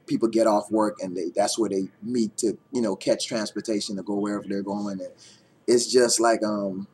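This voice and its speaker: A man's voice: on the low side, darkish tone, slight background noise. A young man from Guyana, chatting casually in a vlog and rambling with lots of "like" and "um". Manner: rambling, many fillers like "like" and "um". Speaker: vlogger. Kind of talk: casual tag video answering questions.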